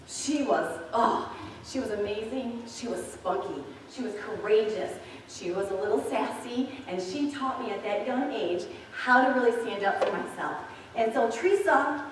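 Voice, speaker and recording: A woman's voice: a little high, slight background noise. A woman in her forties preaching a sermon, telling personal stories to her congregation in a candid, chatty way. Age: 40s. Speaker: pastor. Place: church sanctuary. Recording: very echoey, distant from mic.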